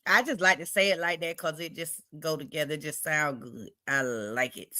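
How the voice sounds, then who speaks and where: Bright-voiced woman hosting a livestream. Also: low voice, moderate pace. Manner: chatty, reads viewer comments aloud, playful. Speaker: livestream host. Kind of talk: casual livestream chat.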